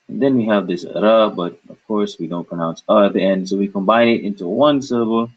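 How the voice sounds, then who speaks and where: A man giving a language lesson, patiently drilling syllables and repeating words slowly for students to copy. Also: on the low side, breathy edge, narrow, tinny audio. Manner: patient, drawn-out repetition of syllables. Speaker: language teacher. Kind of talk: slow pronunciation lesson with drills.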